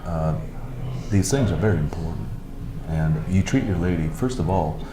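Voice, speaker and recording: A man putting on a slow, gruff, drawling older cowboy voice. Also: low voice, animated, voice pushed down. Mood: laid-back. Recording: echoey pub with noise.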